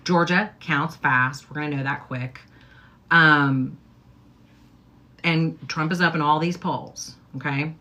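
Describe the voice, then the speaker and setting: A middle-aged woman chatting casually as she gets ready on a livestream. Her voice sits low yet has a bright, sharp edge. She rambles and keeps tossing in "okay?" and "like". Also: steady tone, slow, long pauses. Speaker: livestream host.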